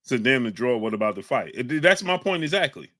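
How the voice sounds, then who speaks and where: A man's voice: mid-range voice, sing-song, a little fast. A man hosting a live stream, reading out chat names and arguing hotly with viewers. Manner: combative, shouts out chat names. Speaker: livestream host reading chat. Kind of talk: heated live-stream talk.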